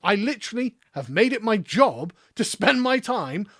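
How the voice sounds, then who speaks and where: Middle-aged English streamer, high lively voice, dry close sound; sarcastic, swearing political rant. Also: male voice, moderate pace, no room sound. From England. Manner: profane, sarcastic, exasperated, laughs mid-sentence. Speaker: political commentary host.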